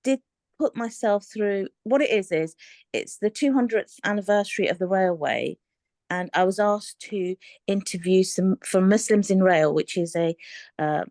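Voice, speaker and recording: A woman, talking candidly and in a rambling, animated way on a coaching call, often laughing. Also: medium pitch, normal speed, no room sound. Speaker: aspiring author on a coaching call. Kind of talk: candid casual chat.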